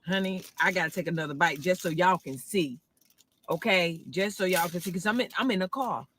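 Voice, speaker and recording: A woman films herself in her car on her phone. Her voice is bright and clear. She talks with a drawn-out, preacher-like cadence. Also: on the low side. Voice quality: animated southern-style preacher cadence, drawn-out exclamations. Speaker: food video creator. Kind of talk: casual selfie video review.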